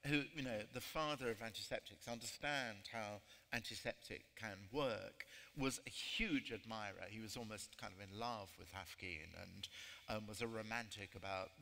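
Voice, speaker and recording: A man's voice: fairly low pitch, normal speed, gravelly, sharp tone. A man speaking at a literary festival, telling jokes in a rambling, self-deprecating way. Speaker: author and festival guest. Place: festival stage. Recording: hall reverb, faint ambience.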